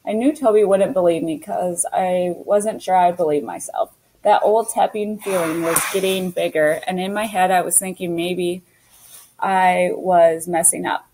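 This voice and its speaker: A woman reading a children's novel aloud in an unhurried way, now and then stumbling and correcting herself. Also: on the low side, steady tone, dark tone, slight background noise, poor audio.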